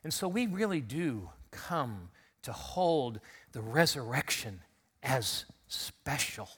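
A man's voice: medium pitch, sing-song, slow pace, fairly bright tone, husky. A man pastor giving an Easter sermon in a church, talking conversationally and leading the congregation in call-and-response after a recent illness. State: recovering from illness. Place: church sanctuary.

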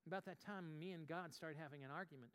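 Bright-voiced preacher in an echoing hall. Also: male voice, fairly high pitch, fast talker, clear, resonant tone. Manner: dramatic swings from near-whispers to loud outbursts. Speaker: pastor. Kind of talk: sermon. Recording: long reverb of a large hall.

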